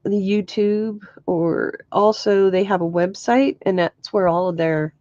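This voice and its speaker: Middle-aged woman just chatting, slow and easy, laughs a lot, kinda muffled dry sound. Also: medium pitch, steady tone, warm tone, no echo. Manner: chatty storytelling with frequent laughs and "oh my gosh". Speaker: crafts vlogger. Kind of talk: casual chat.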